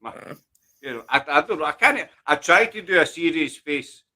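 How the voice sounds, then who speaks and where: A man's voice: fairly high pitch, lively intonation, moderate pace, bright, forceful tone, rough recording. A middle-aged man with a Glaswegian Scottish accent, hosting a casual chat show in a rambling, self-deprecating, joking way. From Glasgow, Scotland. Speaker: host.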